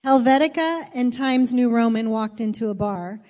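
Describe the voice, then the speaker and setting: A woman's voice: fairly high pitch, moderate pace, darkish tone. A woman pastor giving a sermon in a church, talking in a candid, chatty and self-deprecating way. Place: church sanctuary. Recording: long reverb of a large hall.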